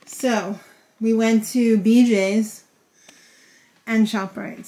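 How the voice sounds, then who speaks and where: Chatty, upbeat woman vlogger, slightly high. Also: fairly even intonation, extremely slow, pauses often, dark tone. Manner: chatty, upbeat, laughs often, many fillers and restarts. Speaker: vlogger host. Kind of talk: casual chatty vlog update.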